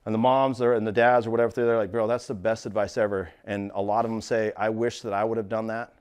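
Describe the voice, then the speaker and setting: A middle-aged man giving a casual motivational talk as a real estate coach. He tells stories, swears, says dude, and swings from low confiding to loud and excited. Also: fast talker, smooth.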